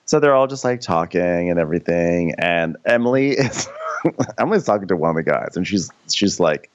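A man's voice: deep voice, expressive, normal speed, dry recording. A man co-hosting a podcast, telling the story in a chatty, giggly, casual way. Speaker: podcast co-host. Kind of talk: casual comedic recap chat. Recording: dull lo-fi dry sound.

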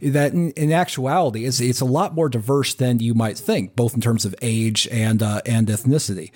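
A man of ordinary pitch talks as a guest on a casual podcast. He stumbles through his points with fillers and false starts. His delivery is loose and conversational. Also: a little mellow. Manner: halting, with many fillers and restarts. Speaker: podcast guest researching QAnon.

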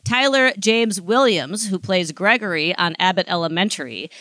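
A podcast co-host reading out celebrity trivia in casual, lively chat. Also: medium pitch, normal speed, no room sound. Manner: lively, chatty, laughs often.

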